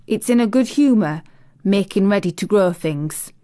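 Woman reading as a gruff old gardener. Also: medium pitch, lively intonation, moderate pace, warm tone, no echo, natural voice. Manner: blunt, grumbling, old-fashioned country talk. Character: gruff, surly old male gardener with rustic speech. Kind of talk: audiobook character voice.

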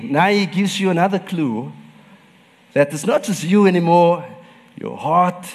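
A man's voice: high voice, expressive, a little slow, in a large hall. A man preaching a sermon as pastor, telling personal stories and laughing often.

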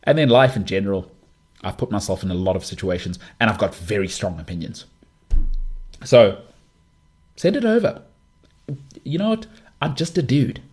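A man's voice: lowish voice, moderate pace, long pauses, husky. A man in his thirties hosting a sports podcast, giving blunt opinions in an emphatic, casual monologue. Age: 30s. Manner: opinionated, emphatic, lively delivery.

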